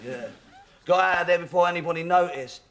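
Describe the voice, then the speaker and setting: A man's voice: sits high, fairly even intonation, fairly quick, background noise. An actor playing a hapless, muddled man who rambles hesitantly, full of ums and restarts, in a sitcom. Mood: rambling. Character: hapless, muddled adult man, easily flustered. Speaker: pub regular. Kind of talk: sitcom acting.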